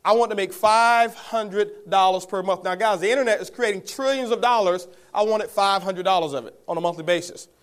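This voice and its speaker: Fast-talking energetic motivational man. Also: sits high, clean tone. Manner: energetic, folksy, addresses audience as guys. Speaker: network marketing speaker. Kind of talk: motivational testimonial talk.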